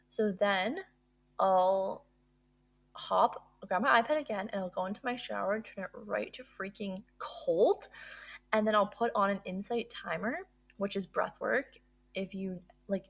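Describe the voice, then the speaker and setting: A woman's voice: medium pitch, creaky, slightly rough. A woman hosting a podcast, talking through her routine in a casual solo monologue, upbeat and gushing, with lots of fillers. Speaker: podcast host.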